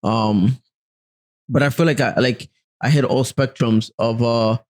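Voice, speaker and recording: A reserved young man speaking softly as a podcast guest, in casual chat with lots of fillers. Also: medium pitch, steady tone, a little slow, poor audio. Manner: soft-spoken, reserved, many fillers. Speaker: podcast guest, music producer.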